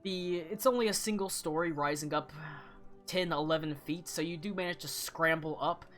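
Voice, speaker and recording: A man narrating a tabletop fantasy game as game master, relaxed and hesitant, with lots of fillers. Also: on the high side, moderate pace, soft background music.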